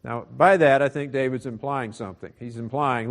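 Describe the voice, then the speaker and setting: A man's voice: mid-range voice, steady tone, normal speed. A male pastor preaching a sermon, explaining a scripture passage in a teaching manner.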